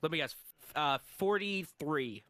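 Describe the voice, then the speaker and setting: Man co-hosting a casual podcast, bright, lively delivery, dry close mic, swears freely. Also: fairly high pitch, moderate pace, dry recording. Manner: profane, animated ranting. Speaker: podcast co-host.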